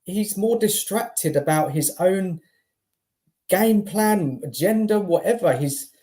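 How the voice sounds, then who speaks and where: Mellow-voiced exasperated football pundit. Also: mid-range voice, expressive, slow pace. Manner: exasperated, stammering, emphatic. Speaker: guest pundit on football stream. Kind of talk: casual football chat.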